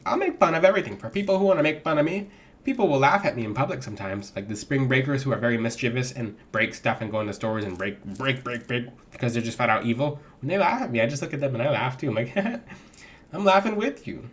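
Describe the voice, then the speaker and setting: A man's voice: medium pitch, expressive, fast talker. A man giving spiritual advice to camera in a casual vlog. He preaches with animation and laughs readily. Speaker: spiritual vlogger selling gemstones.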